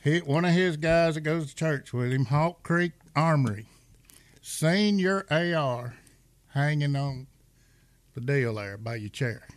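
A man who is a guest on a podcast, telling a story in a plain, halting way. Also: on the high side, expressive, no echo. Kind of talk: casual storytelling.

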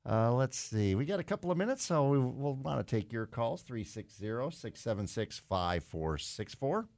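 Male radio host, mid-pitched, dry studio sound, casual and rambling with lots of fillers. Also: very animated, moderate pace, vocal fry, a little mellow, no room sound. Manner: rambling, thinks aloud with many fillers. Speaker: radio talk show host. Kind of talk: casual call-in radio talk. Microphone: studio microphone.

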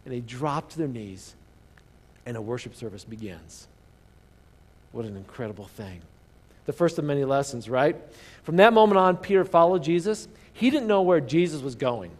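A man preaching a sermon as pastor, telling the story with animated emphasis, dropping to hushed asides and asking the congregation rhetorical questions. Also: mid-range voice, moderate pace, in a large hall.

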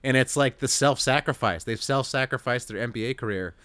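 A man's voice: medium pitch, a little fast, a bit bright, smooth, dry recording. A man hosting a casual sports podcast, joking and riffing, laughing often. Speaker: podcast host.

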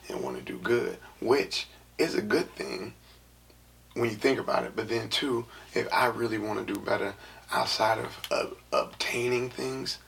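Young sf guy rambling thru a story, gravelly low voice, lots of "you know what i'm saying", faint hiss behind. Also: a bit bright. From San Francisco, USA. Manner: loose, rambling, heavy filler phrases, drops into half-whispered asides. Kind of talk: casual storytelling monologue.

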